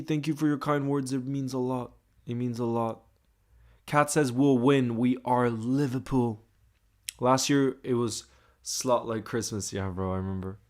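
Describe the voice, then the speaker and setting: Young man, livestream host, chatty, greets viewers by name, casual. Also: mid-range voice. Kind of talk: casual live-stream chat reading comments.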